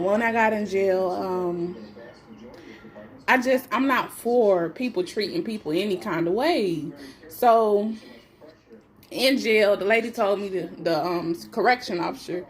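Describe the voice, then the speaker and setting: A pregnant woman telling her own story in casual talk. She is blunt and defiant, swears freely, and acts out other people's lines in shifted voices. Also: medium pitch. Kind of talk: casual first-person storytelling.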